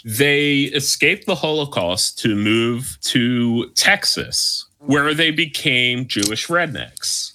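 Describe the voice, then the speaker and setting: Animated, bright-voiced man telling a rambling story. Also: fairly high pitch. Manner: rambling, profane, lots of fillers. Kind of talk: casual storytelling chat.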